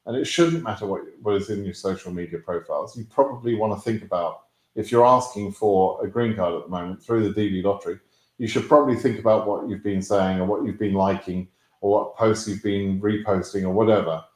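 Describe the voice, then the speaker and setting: A man's voice: fairly low pitch, fairly quick, a little mellow, reverberant. A British man hosting a live question-and-answer stream, talking bluntly with plenty of fillers and restarts. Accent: British English. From Britain. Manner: outspoken, blunt, swears, many fillers and restarts. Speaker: YouTube host answering viewers' visa questions.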